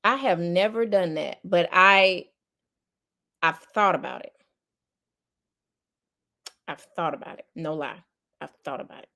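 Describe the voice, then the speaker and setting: A woman hosting a casual podcast, candid and quick to laugh. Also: lowish voice, sharp tone. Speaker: podcast host.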